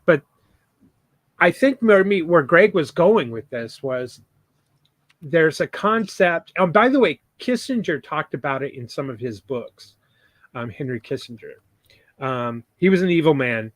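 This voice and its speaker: A man's voice: fairly high pitch, animated, measured pace, no room sound. A man co-hosting a casual podcast, explaining ideas in a loose, hesitant way with many restarts. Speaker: podcast co-host.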